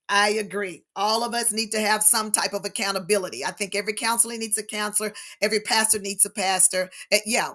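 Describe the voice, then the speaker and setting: A middle-aged woman, hosting a casual live stream on grief and talking warmly and animatedly to her viewers as "y'all". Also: medium pitch.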